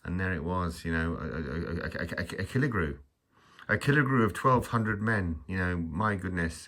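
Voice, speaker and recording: A low-voiced man with a bright, forceful edge rambles through a casual review on his own channel. He stammers, trails off into asides and gently mocks himself along the way. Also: normal speed. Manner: rambling, stammering, self-mocking with chuckles. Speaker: channel host.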